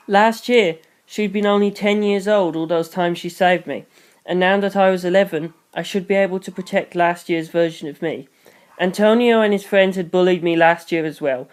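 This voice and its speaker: A host reads a novel aloud in the first person, taking on a boy narrator's voice. The voice sits at a plain, middle pitch. Dry, deadpan humor slips into the asides. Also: smooth. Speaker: channel host reading a fan novel aloud.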